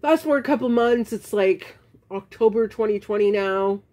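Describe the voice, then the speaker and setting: A woman's voice: mid-range voice, normal speed, warm tone. A woman vlogging to camera, frankly telling her own story in a casual, exasperated way, rambling with restarts.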